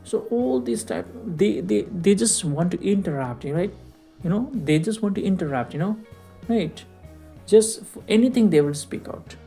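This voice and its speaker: Guy lecturing, mellow voice, keeps asking right? all the time, faint guitar in the back. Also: high-pitched, expressive. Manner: explains slowly, keeps asking "right?" and rhetorical questions. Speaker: teacher. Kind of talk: recorded lecture.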